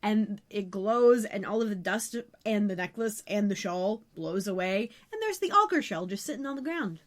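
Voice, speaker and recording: A woman's voice: medium pitch, expressive, moderate pace. A young woman co-hosting a podcast, recapping scenes in a casual chat with wry, joking asides. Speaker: podcast co-host.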